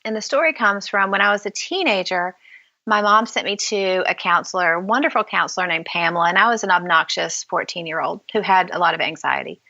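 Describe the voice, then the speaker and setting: A woman's voice: lowish voice, a little fast, vocal fry, sharp tone, no echo, lo-fi sound. A woman author, a guest on a podcast interview, giving candid advice and acting out remembered conversations as she tells stories. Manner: candid storyteller, acts out dialogue.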